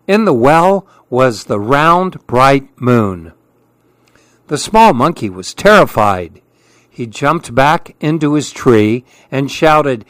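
Slow, gentle male storyteller. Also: medium pitch, dry recording. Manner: slow, gentle, expressive reading. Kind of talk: children's story read-aloud.

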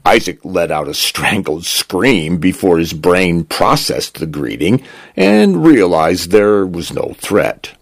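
A man narrating a story in a very low, gravelly voice that rises and falls with lively pitch. He reads slowly and deliberately, and his husky tone sits close and dry. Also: dry recording. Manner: slow, measured storytelling delivery. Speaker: host and volunteer narrator.

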